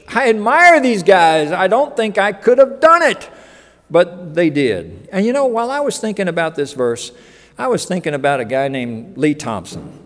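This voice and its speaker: A pastor preaching a sermon in a folksy, joking way, acting out quotes, in a church hall. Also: male voice, sits high, moderate pace. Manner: folksy, animated, joking asides and acted-out quotes.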